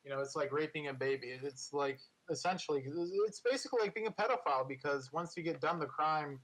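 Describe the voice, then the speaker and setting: Sarcastic, rambling man with a higher voice. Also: quick pace, a bit bright, poor audio. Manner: rambling, many "like"s and restarts, sarcastic. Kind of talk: casual political chat.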